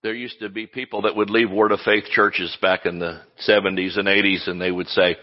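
A male pastor preaching a sermon in an animated, exclamatory way, often laughing as he speaks. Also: medium pitch, a little fast, muffled recording.

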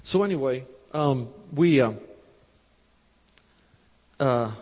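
A man preaching at a live convention, telling a story with quoted dialogue in a folksy, animated way, on a handheld mic. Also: medium pitch, slow. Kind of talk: storytelling sermon. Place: large church convention hall. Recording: live hall recording with long reverb.

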